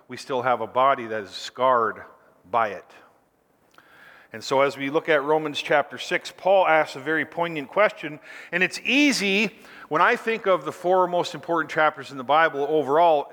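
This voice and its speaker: A man's voice: medium pitch, pushed and bright, long reverb tail. A man preaching a sermon as pastor, stretching key phrases out for emphasis.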